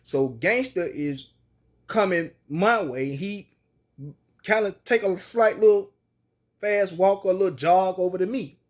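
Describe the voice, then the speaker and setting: A man's voice: high voice, measured pace. A man telling a personal story in casual, slangy, colloquial speech.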